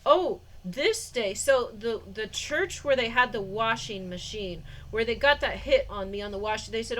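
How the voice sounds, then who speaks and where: A woman's voice: a little high, expressive, a little slow, hardly any pauses. A woman vlogger telling a personal story in a rambling way, with restarts, fillers and short suspicious laughs.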